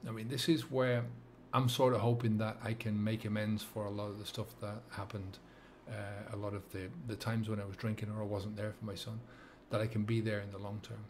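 A middle-aged man with a Dublin accent, talking to camera as a sobriety coach, earnest and halting with many fillers and restarts. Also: fairly low pitch, little pitch movement, slight background noise. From England and Ireland. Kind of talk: reflective monologue to camera.

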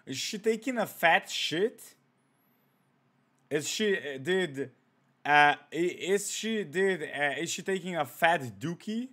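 Ein junger Mann streamt ein Horrorspiel und kommentiert es locker, derb und spöttisch. Seine Stimme ist recht hoch und hell, mit einem scharfen Klang. Zwischendurch liest er die Texte auf dem Bildschirm laut vor. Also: male voice, a little high, expressive, slow, pushed and bright. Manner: profane, joking, reads on-screen text aloud. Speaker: gaming streamer. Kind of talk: let's play commentary.

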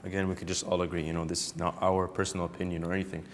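A man's voice: deep voice, level tone, very fast, slight background noise. A man in a debate, arguing persuasively with rhetorical questions. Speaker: debate participant. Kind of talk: debate statement.

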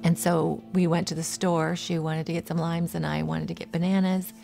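Woman with a low flat gravelly voice, halting and repeating herself, recalling a scary night. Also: faint music behind. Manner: halting, searching for words, repeats phrases. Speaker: interviewee, relative of the victim. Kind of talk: emotional recollection.

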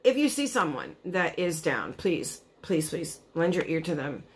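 A woman's voice: sits low, sing-song, unhurried, breathy edge. Gushing, emotional woman vlogger. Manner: gushing, emotional, chatty with lots of "like" and "you know". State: choked up, near tears. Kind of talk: casual chat to camera.

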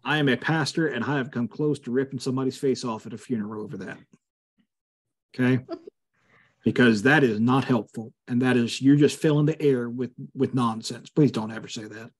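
A man of middle pitch guides a Bible study over a video call. He speaks casually, with many fillers, and breaks into firm asides when he feels strongly. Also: fairly even intonation, brisk, husky. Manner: conversational, frequent fillers, emphatic asides. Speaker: pastor leading a Bible study.

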